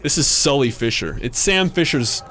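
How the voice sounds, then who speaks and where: A man's voice: medium pitch, lively intonation, normal speed, background noise. A young man streaming a game, chatting casually with joking, rambling asides and some swearing. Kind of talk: casual gameplay commentary.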